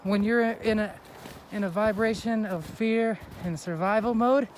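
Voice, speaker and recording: A man's voice: sits high, fairly even intonation, a little slow, slight background noise. A man giving a heartfelt, upbeat spiritual pep talk while hiking a snowy mountain, a little out of breath. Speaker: vlogger. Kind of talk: inspirational vlog talk.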